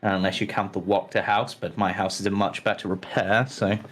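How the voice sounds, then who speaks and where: A man's voice: lowish voice, flat delivery, normal speed, fairly bright tone. A man doing a pompous self-satisfied baron. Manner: grandly reassuring, self-satisfied. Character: pompous male baron, town noble. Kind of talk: tabletop game character voice.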